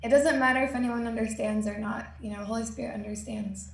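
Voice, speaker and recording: A woman's voice: a little high, fairly even intonation, fast talker, vocal fry, echoey room, distant mic. A woman leading a meeting, telling a personal story and often laughing. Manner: giggly, laughs through her stories. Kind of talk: casual testimony sharing.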